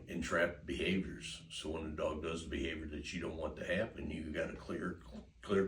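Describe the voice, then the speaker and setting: Deep-voiced folksy dog trainer man. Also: a little hiss or hum. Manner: folksy, rambling, chuckles often. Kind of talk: casual advice talk. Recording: roomy, distant mic, faint ambience.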